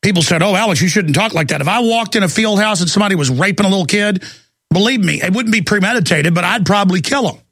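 Angry ranting male talk host, gravelly. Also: sits high, fast, fairly bright tone, no room sound. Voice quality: angry, intense, gravelly delivery. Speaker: talk show host taking calls. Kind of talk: heated ranting monologue.

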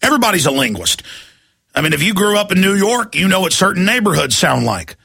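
Male radio host, North Texas accent, fairly high gravelly voice, scornful and emphatic delivery. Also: sing-song, fast talker, bright, forceful tone, no echo. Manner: emphatic, scornful, repeats words. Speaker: radio talk show host. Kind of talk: talk radio monologue.

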